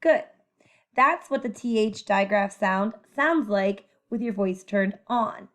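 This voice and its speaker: A woman teacher giving a children's phonics lesson, speaking clearly and encouragingly as she models letter sounds. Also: mid-range voice, takes it slowly.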